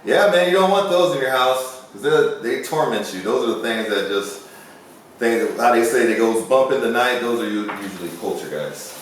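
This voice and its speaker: In a casual chat, a man with a medium-pitched voice rambles through stories at a moderate pace, acting out the quotes as he goes. The recording sounds echoey, with him far from the mic and a faint hiss underneath.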